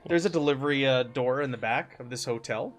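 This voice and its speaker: A man running a tabletop game as game master, describing scenes in a relaxed way and laughing often. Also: mid-range voice, brisk, soft background music.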